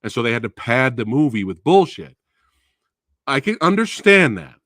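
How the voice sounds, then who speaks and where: A man's voice: mid-range voice, normal speed, no echo, studio quality. A man hosting a live stream, reviewing a film in a profane, exasperated rant. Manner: profane, animated, exasperated ranting. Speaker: movie reviewer host.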